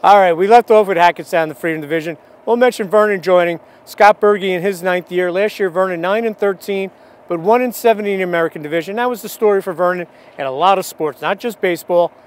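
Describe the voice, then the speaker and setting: A man's voice: sits high, fast talker. A man giving a conversational local baseball preview, reeling off players and records with frequent fillers. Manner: conversational, fact-heavy rundown with fillers. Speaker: sports analyst. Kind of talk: local radio sports preview.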